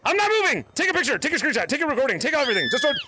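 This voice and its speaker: An energetic man hosting a fan event in a VR game lobby, calling out to many players in excited casual gaming chat. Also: very high voice, racing, noisy background. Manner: energetic, calls out often to a crowd of players. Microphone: VR headset mic. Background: many players talking over him.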